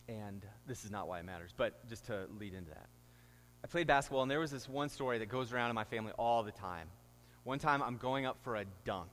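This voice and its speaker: A man's voice: lowish voice, a bit bright, long reverb tail. A middle-aged man, a pastor, preaching a sermon and telling stories with rising, emphatic delivery. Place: church sanctuary.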